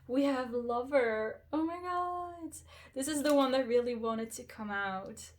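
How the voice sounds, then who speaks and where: A woman reads tarot cards for her viewers, speaking in a somewhat high voice. She gushes over each card, breaks into delighted exclamations, and keeps reassuring the listener in a warm, direct way. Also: steady tone, measured pace. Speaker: tarot reader, channel host. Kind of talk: pick-a-card tarot reading to camera.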